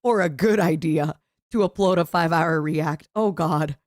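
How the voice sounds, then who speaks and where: A woman's voice: low voice, normal speed, a little mellow, no echo. Playful woman streamer with a dry mic. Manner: playful, teasing, sprinkles in Japanese words. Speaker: streamer reacting to a video. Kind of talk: casual live-stream chat.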